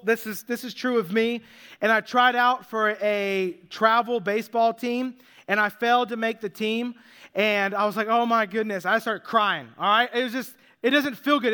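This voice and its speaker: A man delivering a sermon in a relaxed, conversational way, poking fun at himself and slowing down for emphasis. His voice is unusually high, bright and smooth. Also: in a large hall. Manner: conversational, self-deprecating, slows for emphasis. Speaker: pastor.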